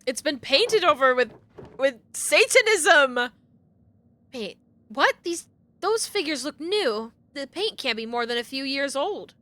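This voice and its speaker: Excitable high-voiced woman game streamer. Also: moderate pace. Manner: excitable, swears freely, gasps and shrieks. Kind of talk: live gameplay commentary, reading game text aloud.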